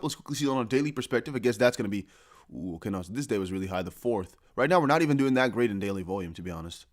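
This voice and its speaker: A man hosting a live crypto price stream, talking fast and excited with laughs and chanted hype lines. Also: medium pitch. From Netherlands. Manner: hyped, laughing, breaks into chanting.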